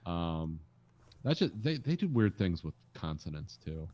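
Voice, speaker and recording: A man co-hosting a podcast in casual chat, relaxed and wryly amused. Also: deep voice, measured pace, lo-fi sound. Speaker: podcast co-host.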